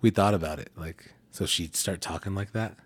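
A man's voice: normal speed, slightly rough. A man chatting casually on a podcast, telling stories with plenty of swearing and acting out what people said. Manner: profane, storytelling, acts out quotes in a high voice. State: eating while talking. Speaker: podcast co-host. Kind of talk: casual chat.

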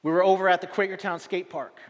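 A man preaching a sermon as a pastor, telling a story with dramatic swings from loud to hushed and repeating his phrases for effect. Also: sits high, fairly even intonation, quick pace. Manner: repetitive rhetorical phrasing. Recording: long reverb of a large hall.

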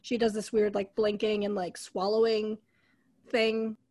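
A woman's voice: mid-range voice, measured pace. A young woman co-hosting a casual podcast, critically retelling a movie's scenes. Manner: chatty, critical, animated retelling. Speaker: podcast co-host. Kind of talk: casual movie recap chat.

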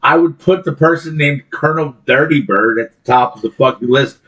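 A man's voice: medium pitch, fairly quick, a bit bright, lo-fi sound. A man co-hosting a podcast in casual chat, with a dry, blunt manner and profane asides. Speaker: podcast co-host.

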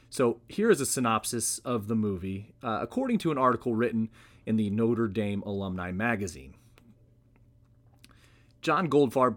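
A man hosting a history podcast, telling the story conversationally with wry asides. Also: medium pitch. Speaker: podcast host. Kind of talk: casual history podcast narration.

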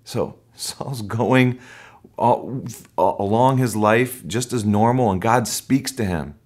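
Animated, storytelling male preacher. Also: fairly low pitch, slow. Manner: animated storytelling, acts out voices. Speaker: pastor. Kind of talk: sermon.

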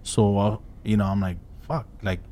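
Forties male co-host, lowish voice, casual and profane. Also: a little fast, a little mellow. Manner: loose and emotional, swears, many fillers. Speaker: radio show co-host. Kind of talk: casual radio chat. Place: radio studio.

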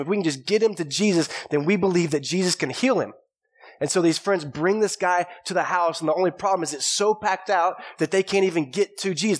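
A male pastor giving a sermon, telling stories from the Bible in a relaxed, chatty way. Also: a little high. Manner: conversational storytelling preaching. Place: church.

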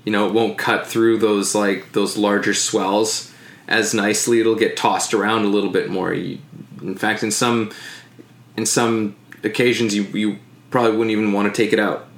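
A man in casual conversation, speaking haltingly with many fillers and restarts. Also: fairly low pitch, level tone, echoey room. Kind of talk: casual podcast chat.

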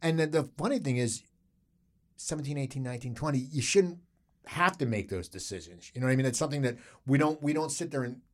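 A man's voice: mid-range voice, expressive, fast talker. Chatty male podcast host. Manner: chatty, reflective, asks follow-up questions. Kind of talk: casual interview chat.

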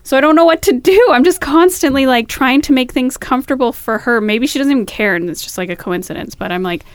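A pregnant woman in her third trimester, co-hosting a podcast and chatting candidly, telling lively stories with some swearing. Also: sits high, quick pace, no room sound. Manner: candid, animated storytelling with swearing. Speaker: podcast co-host. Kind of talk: casual chat.

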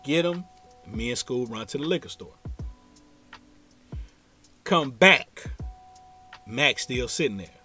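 A man's voice: mid-range voice, animated, slow, long pauses, sharp tone, faint music behind. A man from Ohio telling a story in a casual, slangy way, acting out the other people in it.

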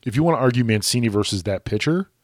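A man co-hosting a podcast, talking sports in a casual, animated way. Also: mid-range voice, no room sound, clean studio sound. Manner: animated, chatty, quick asides and laughs. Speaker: podcast co-host.

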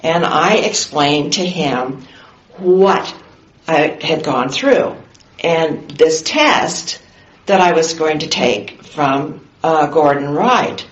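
An older woman recalls a memory at an unhurried, leisurely pace, halting now and then with fillers. The recording is roomy and a little dull and lo-fi, as in an oral history interview. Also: low-pitched, lively intonation.

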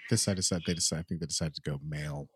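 A man's voice: rumbling low, steady tone, very fast, slight background noise. A man co-hosting a casual movie watchalong, making wry, sarcastic asides as the film plays. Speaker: podcast co-host.

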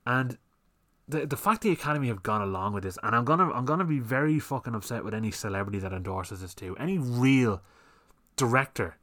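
A man's voice: mid-range voice, lively intonation, brisk, fairly bright tone. A man hosting a solo podcast, ranting in a heated, sweary, exasperated way. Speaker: podcast host. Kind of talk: solo opinion rant.

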